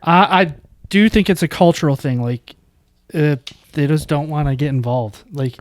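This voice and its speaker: A man's voice: a little high, normal speed, dry recording, clean studio sound. A man co-hosting a podcast, enthusiastically talking through a movie in casual chat. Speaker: podcast co-host.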